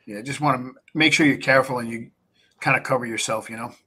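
A man talking as a guest on a podcast in an easy, casual way, with a voice of ordinary middle pitch. He gets animated as he explains, stumbling over and repeating words and slipping into little acted-out pitches to sellers. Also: quick pace, slightly rough. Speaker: podcast guest, real estate investor. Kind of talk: casual interview talk.

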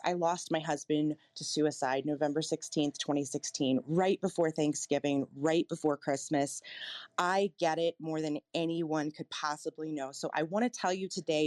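A woman's voice: lowish voice, darkish tone, dry recording. A woman giving a heartfelt motivational talk to a live audio room, earnest and emotional, speaking straight to her listeners.

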